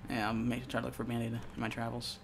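A man's voice: mid-range voice, quick pace, gravelly, noisy background. A young man giving casual commentary on a horror game as he plays, swearing a lot and easily startled into yelps. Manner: swearing, jumpy and excitable, yelps when startled. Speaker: let's play gamer.

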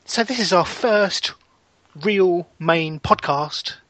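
A young man hosting a podcast in casual chat, chatty and quick to laugh, often restarting his sentences. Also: high voice, a bit bright, no room sound. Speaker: podcast host.

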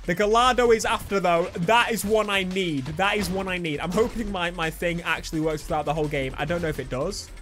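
A young man giving excitable let's-play commentary on a racing game, shouting at rivals as he drives. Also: sits high, fairly quick, few pauses. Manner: excitable, yelling at rivals mid-race. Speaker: gaming YouTuber. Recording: game music and engine noise behind.

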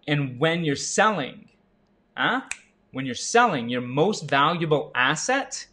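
A man in his thirties giving an energetic sales coaching talk, jumping up in pitch for emphasis and asking the listener questions. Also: measured pace, breathy edge. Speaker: real estate agent and sales coach. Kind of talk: motivational sales talk to camera.

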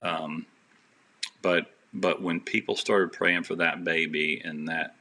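A man's voice: low voice, steady tone, slow, sharp tone. A man who is a podcast guest, telling a personal story with faith at its heart in an earnest, rambling way, with many restarts.

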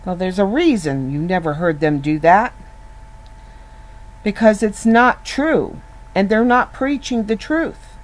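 A woman's voice: mid-range voice, takes it slowly, pauses often, rough recording. A woman giving an informal Bible teaching in an earnest, conversational way, often restarting and repeating words as she goes.

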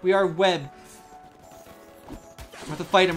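Excitable young man narrating his gameplay. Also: sits high, normal speed. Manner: excitable, frequent exclamations and laughs. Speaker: gaming channel host. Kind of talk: live gameplay commentary. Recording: faint game music behind.

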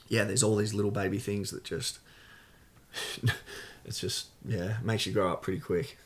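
Low-voiced Australian man telling his story. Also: steady tone, normal speed. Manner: candid, rambling, many fillers. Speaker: podcast guest. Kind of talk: casual storytelling interview.

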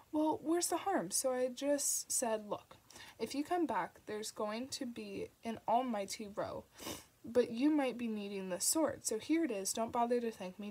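A woman's voice: on the high side, warm tone, breathy edge. A woman reading as a fussy fretful male angel. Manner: flustered, hesitant, apologetic. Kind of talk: audiobook reading.

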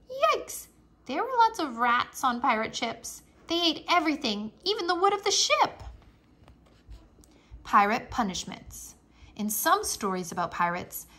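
A woman reading a children's nonfiction book aloud in an expressive storybook manner, with playful exclamations. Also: a little high. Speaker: reader.

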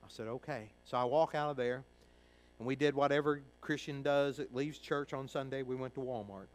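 A middle-aged male pastor from Kentucky preaching a sermon, telling a personal story in a folksy way, acting out the voices of others and moving between hushed and loud. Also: medium pitch, a little fast, poor audio.

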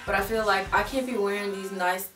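A young woman from Georgia with a Southern American accent, vlogging to the camera at home in a chatty, animated way. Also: mid-range voice, fairly quick. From Georgia, USA. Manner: animated and chatty, talking straight to the viewer. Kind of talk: casual vlog chat. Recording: roomy, mic at a distance, music behind.

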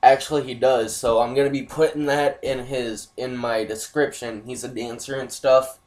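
A man's voice: mid-range voice, fairly even intonation, normal speed, darkish tone. Male gaming host, mid voice, casual, sweary, apologetic chatter. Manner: loose, profane and apologetic chatter. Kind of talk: casual gameplay commentary.

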